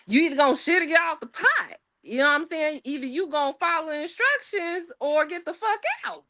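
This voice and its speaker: A woman guest on a podcast talks with blunt, forceful conviction and casual profanity. Her voice is high and bright. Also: expressive, brisk.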